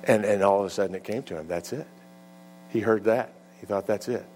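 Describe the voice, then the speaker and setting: A male preacher telling a story in a sermon, with halting starts and repeated words, often dropping low and quiet. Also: slight background noise.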